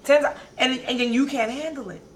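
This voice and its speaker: A woman's voice: high-pitched, brisk, a little hiss or hum. A woman with a Baltimore accent, co-hosting a casual radio talk show, slangy and talking straight to listeners. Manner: lively, slangy, speaks straight to listeners as "y'all".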